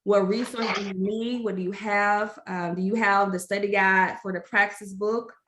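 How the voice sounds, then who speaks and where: A woman's voice: medium pitch, steady tone, normal speed, fairly bright tone, echoey room, a little hiss or hum. A woman presenting an exam-prep workshop, talking casually and encouragingly with lots of fillers. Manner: encouraging, conversational, many fillers. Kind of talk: informal workshop teaching.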